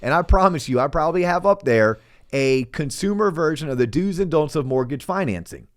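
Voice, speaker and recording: A middle-aged man hosting a podcast, telling a work story in a casual, animated way, acting out the voices he quotes, with stammered restarts. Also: on the high side, a little fast. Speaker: podcast host and loan officer.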